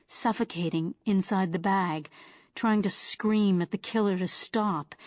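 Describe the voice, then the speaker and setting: A woman's voice: medium pitch, darkish tone, no echo, lo-fi sound. Woman narrating a thriller, dry sound. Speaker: audiobook narrator. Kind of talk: scripted narration.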